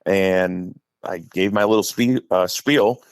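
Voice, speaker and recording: Gravelly low-voiced Midwestern-raised man. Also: takes it slowly, dry recording. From Wisconsin. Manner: talkative, acts out quotes in stories. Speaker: high school head football coach, podcast guest. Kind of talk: casual storytelling.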